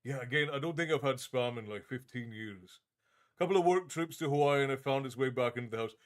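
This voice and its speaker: A man's voice: mid-range voice, a little fast. A man hosting a livestream in a tavern-keeper persona, chatting casually and reading out viewer comments in a friendly, easygoing way with frequent restarts.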